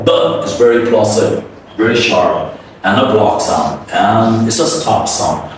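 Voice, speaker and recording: A man teaching English pronunciation, drilling words by repeating them over and over in an animated, coaxing way. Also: medium pitch, unhurried, slight background noise. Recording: echoey room, voice from a distance.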